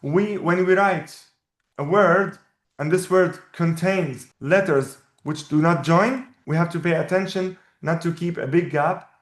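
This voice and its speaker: Male teacher, slightly high voice, patient and explanatory; echoey room. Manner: patient, explanatory, repeats words slowly. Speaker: Arabic teacher. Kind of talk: one-on-one language lesson.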